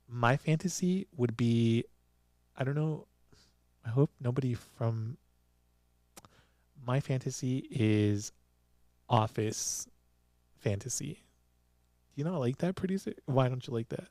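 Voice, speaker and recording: A man hosting a podcast, recapping a TV drama in a casual, animated way and laughing often as he talks. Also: medium pitch, unhurried, long pauses, dry recording. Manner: giggly, animated storytelling with frequent laughs. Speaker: podcast host. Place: small studio with a producer present.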